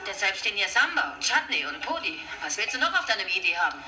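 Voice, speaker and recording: Woman playing a brisk scolding mom. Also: medium pitch, big pitch swings, very noisy, natural voice. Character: busy mother scolding her picky kids. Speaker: wife and mother in a dubbed series. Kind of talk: German TV dub acting. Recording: roomy kitchen with loud clattering dishes.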